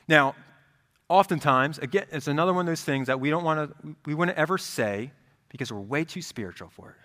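A man preaching a sermon as pastor, in a conversational, animated style. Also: a little high. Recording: reverberant hall.

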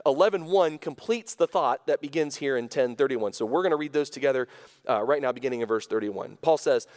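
A man's voice: medium pitch, a little fast, big-room sound. A man preaching a sermon as pastor, talking in a conversational way, often restarting phrases and then leaning hard on key words. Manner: conversational, self-correcting, lively emphasis. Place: church sanctuary.

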